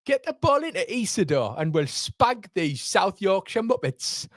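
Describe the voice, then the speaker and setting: Bloke streaming a footy watchalong, yelling at the pitch then chatting to chat, lads and mate, dry close sound. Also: male voice, sing-song, unhurried, dry recording. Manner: shouts at the match, chats with viewers; uses British slang like lads, mate, muppets. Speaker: live-stream watchalong host. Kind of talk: excitable live football reaction chat.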